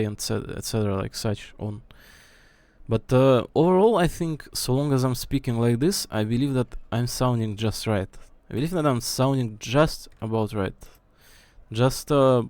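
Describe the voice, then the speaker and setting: This is a man's casual mic-check ramble from home, thinking aloud while his desk mic moves closer and farther away as he streams. His voice is medium-pitched and darkish, with no room sound.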